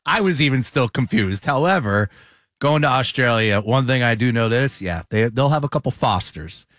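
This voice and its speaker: A man co-hosting a sports radio show, teasing his colleagues in lively, playful banter. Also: mid-range voice, moderate pace, dry recording, clean studio sound. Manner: teasing, animated, laughs often.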